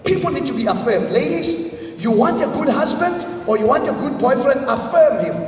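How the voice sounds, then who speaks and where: High-voiced man in echoey hall. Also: lively intonation, moderate pace. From South Africa. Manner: emphatic, drills the audience with repeat-after-me lines. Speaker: motivational speaker. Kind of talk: motivational leadership seminar talk. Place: large congress hall. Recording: echoey hall, voice from far off, faint music.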